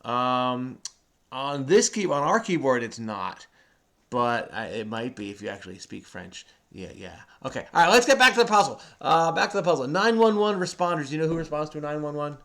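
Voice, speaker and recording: A man's voice: a little high, sing-song, normal speed, bright, forceful tone. A man hosting a crossword video, patiently and chattily explaining the clues to a child who does the typing. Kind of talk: casual explaining to a kid while solving.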